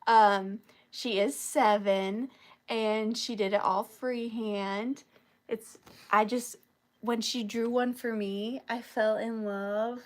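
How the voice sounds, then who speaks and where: A woman in her thirties talks through a live vintage sale in a chatty, gushing way. Her voice sits a little high, and she takes her time with every sentence. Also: steady tone, slow pace. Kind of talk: casual live-sale chat.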